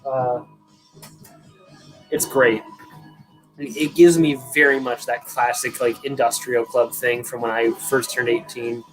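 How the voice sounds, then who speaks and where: A man's voice: medium pitch, level tone, measured pace, long pauses, low-quality recording. Casual profane man chatting over music. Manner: rambling, profane, self-deprecating, chatting to viewers. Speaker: live stream host. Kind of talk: casual live-stream chat. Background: music playing.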